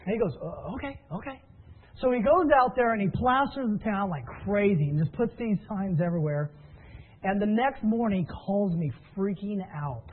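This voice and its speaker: A man's voice: sits high, expressive, normal speed, slight background noise. Upbeat man on a tinny phone line. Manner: storytelling, upbeat and encouraging. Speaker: business trainer. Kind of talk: motivational training talk.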